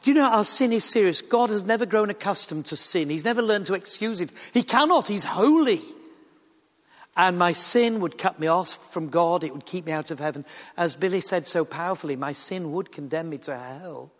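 A middle-aged man with a Yorkshire accent from England preaches a sermon in a church or large hall, where his high, expressive voice carries at normal speed with a long reverb. He is earnest and conversational, adding wry asides.

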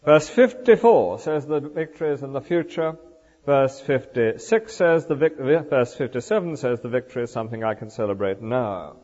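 An older man preaching a sermon in a church, explaining scripture with lively asides and rhetorical questions. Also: mid-range voice, moderate pace. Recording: dull lo-fi recording in a reverberant church.

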